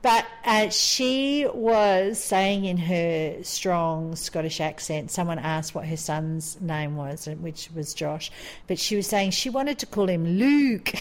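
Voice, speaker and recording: A woman's voice: lowish voice, takes it slowly. A woman in her forties with an Australian accent, co-hosting a podcast and telling a story in a rambling, chatty way with frequent laughs. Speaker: podcast co-host. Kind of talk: casual storytelling chat.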